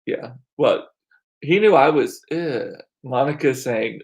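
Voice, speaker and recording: A man's voice: medium pitch, slow, a little mellow. A man in his forties chatting casually with his stream viewers, telling rambling stories full of asides and restarts. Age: 40s. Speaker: livestream host reading chat.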